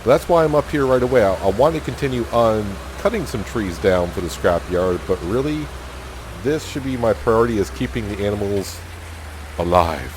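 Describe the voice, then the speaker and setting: Easygoing low-voiced man playing a farming game. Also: expressive, moderate pace, background noise. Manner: easygoing, self-deprecating, thinks aloud. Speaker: gaming channel host. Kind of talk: casual let's-play commentary.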